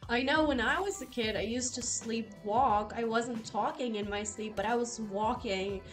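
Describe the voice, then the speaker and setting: A young woman chatting casually with live viewers, telling stories with animated, loose delivery and casual swearing. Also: a little high, normal speed, faint music behind. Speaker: casino streamer.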